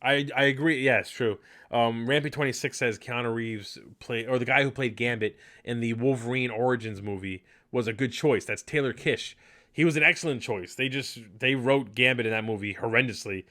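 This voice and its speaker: A man's voice: medium pitch, a little fast, pushed and bright. A man hosting a casual live podcast, chatty and enthusiastic, rambling with fillers. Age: adult. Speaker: podcast host.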